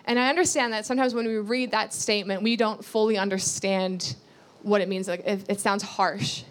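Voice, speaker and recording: A woman's voice: medium pitch, fairly even intonation, normal speed. A woman giving a sermon, reading scripture aloud and explaining it earnestly, repeating key phrases and asking rhetorical questions. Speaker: Bible teacher.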